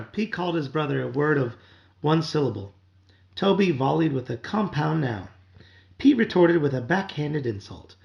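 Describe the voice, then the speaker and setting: A man reading a children's novel aloud to his child at home, with wry, expressive storytelling. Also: on the high side, unhurried, gravelly, highs cut off.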